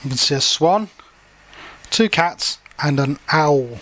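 A man's voice: fairly high pitch, animated, slow, long pauses, a bit bright. A man reading a children's story aloud as a language teacher, stopping to explain words simply.

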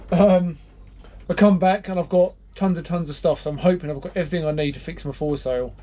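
A brisk, warm, fairly high male voice comes from a British vlogger on his boat. He chats to viewers about repairs in a rambling, self-deprecating way, and the audio is dull.

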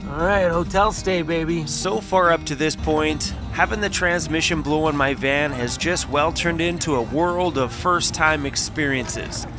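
A man's voice: on the high side, measured pace, few pauses, over music. A man chatting casually to the camera in a travel vlog, laughing often and talking fondly to his dog. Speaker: van life vlogger.

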